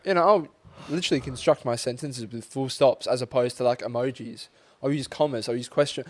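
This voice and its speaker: A man's voice: medium pitch, fairly quick, dry recording. A young Australian man co-hosting a podcast in casual chat, blunt and teasing, swearing freely. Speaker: podcast co-host.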